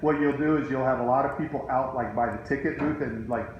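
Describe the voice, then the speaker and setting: A middle-aged man, a teacher and coach, telling a story to his students in a casual, animated way full of asides. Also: mid-range voice, fast, muffled recording, a little hiss or hum. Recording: very echoey room.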